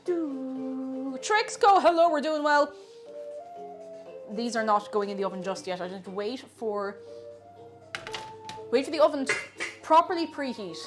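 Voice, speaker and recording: A young woman with an Irish accent talks her way through a live cooking stream, bouncing up and down in pitch. She is chatty and playful, pokes fun at herself and breaks into laughter often. Soft music plays faintly underneath. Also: expressive, measured pace, long pauses. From Ireland.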